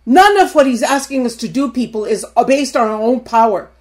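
A woman's voice: a little high, fairly quick, darkish tone. A woman in her sixties preaching a sermon. She speaks emphatically and repeats her points, calling out directly to the congregation.

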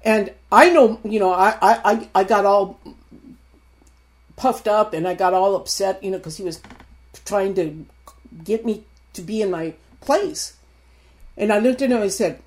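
A woman's voice: medium pitch, a little slow. A woman in her sixties preaching a sermon. She speaks emphatically and repeats her points, calling out directly to the congregation.

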